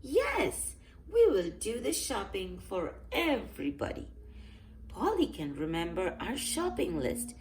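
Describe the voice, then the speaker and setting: A woman voicing a kindly grandmother pig in a read-aloud picture book, bright and helpful. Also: medium pitch, wildly swooping pitch, slow, slight background noise, exaggerated voice. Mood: friendly.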